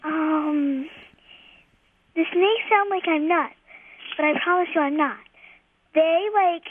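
A young girl calling a radio show, earnest and chatty, saying "like" often as she explains her problem. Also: sits high. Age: teenager. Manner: chatty, earnest, uses "like" a lot. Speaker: caller. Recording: phone call with faint noise.

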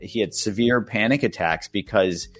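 Lowish-voiced man, conversational psychiatrist guest. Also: normal speed, a bit bright, slightly rough, soft background music. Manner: conversational, many "you know" fillers, occasional chuckles. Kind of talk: radio interview, explaining.

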